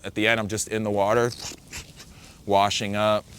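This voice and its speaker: A man telling the story of a surfing wipeout in a casual, halting way, full of fillers and quoted thoughts. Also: fairly low pitch, flat delivery, fairly bright tone, smooth. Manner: vivid, halting retelling with many fillers and self-quotes. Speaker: surfer recounting a wipeout.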